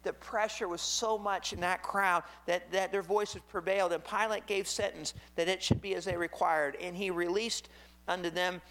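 Male preacher, high voice, reading scripture and commenting; emphatic, repetitive. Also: fairly even intonation, normal speed, a bit bright, poor audio. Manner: emphatic, repeats phrases, asks the listener to imagine.

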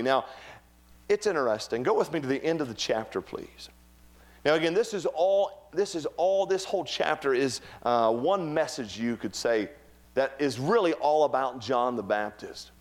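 A middle-aged pastor preaches with lively humor, swinging between quiet asides and bursts of energy. His voice sits at an ordinary male pitch, conversational and warm toward the congregation. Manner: animated preaching with humor and acted quotes. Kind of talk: sermon.

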